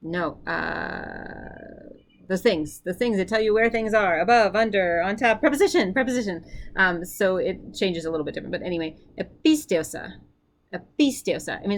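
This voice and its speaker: A woman's voice: mid-range voice, animated, normal speed. A woman teaching a vocabulary lesson, repeating each word for the learner and chatting casually as she corrects herself. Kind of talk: drill-style vocabulary lesson.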